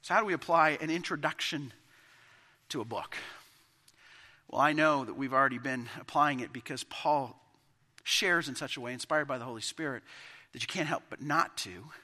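A man preaching a sermon as pastor, impassioned and building to emphatic peaks, with quiet asides, in a church sanctuary. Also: medium pitch, moderate pace, long pauses. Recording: long hall reverb.

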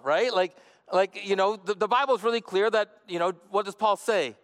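High-voiced preacher in a reverberant hall. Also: male voice, normal speed. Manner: earnest preaching with swings from hushed to emphatic. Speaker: pastor. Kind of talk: sermon. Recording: long reverb of a large hall.

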